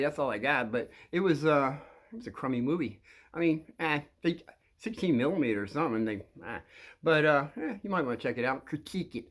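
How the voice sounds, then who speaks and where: An older man telling rambling stories to viewers, halting and repeating words, often chuckling as he goes. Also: a little high. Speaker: channel host telling stories.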